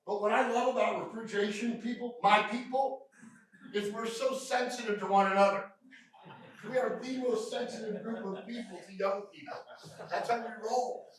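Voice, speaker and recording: A man with a Southern American accent running a lively training session, joking and quizzing his audience. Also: sits high, normal speed. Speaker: refrigeration trainer. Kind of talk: lively live training talk. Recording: echoey room, mic at a distance.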